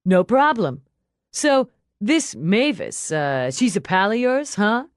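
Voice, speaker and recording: A woman voicing a cocky, excitable young male detective who talks in a breezy, cheeky way. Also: mid-range voice, slow pace, dry recording, clean studio sound.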